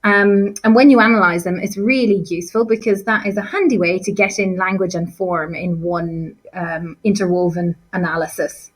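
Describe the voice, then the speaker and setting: A woman's voice: fairly low pitch, fairly even intonation, moderate pace, hardly any pauses, low-quality recording. A woman teacher talking through a set text for a revision lesson, chatty and self-deprecating, with frequent fillers and restarts. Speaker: English teacher. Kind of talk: casual revision lesson chat.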